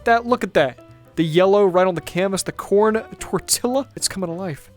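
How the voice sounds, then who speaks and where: A man's voice: sits high, normal speed, faint music behind. A man hosting a gaming channel, giving upbeat, jokey running commentary while he plays. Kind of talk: casual gameplay commentary.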